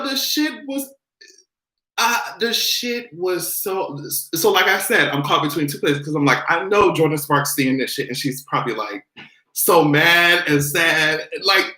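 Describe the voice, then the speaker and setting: A man's voice: high voice, bright, forceful tone, roomy sound. A man hosting a casual commentary vlog, sassy and profane, laughing often as he talks. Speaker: host.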